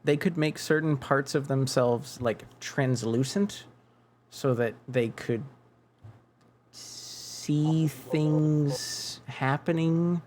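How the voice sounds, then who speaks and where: Slow, rambling male streamer. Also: fairly high pitch, darkish tone, a little hiss or hum. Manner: rambling, muses aloud while chatting with viewers. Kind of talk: casual gaming chat.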